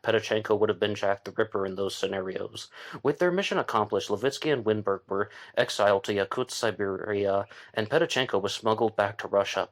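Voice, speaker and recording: Lower-voiced man hosting a true-crime talk. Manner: conversational, thinking aloud with fillers and restarts. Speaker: podcast host.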